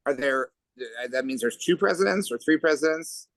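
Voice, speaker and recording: A man's voice: medium pitch, expressive, moderate pace, no room sound, poor audio. A man moderating a panel over a video call, rambling with wry, self-deprecating asides.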